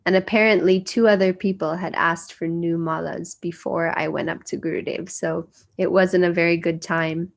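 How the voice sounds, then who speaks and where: A woman's voice: lowish voice, fairly even intonation, normal speed, gravelly. Earnest American woman telling memories. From United States. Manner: earnest, acts out quoted voices. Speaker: guest speaker sharing memories. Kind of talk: personal storytelling.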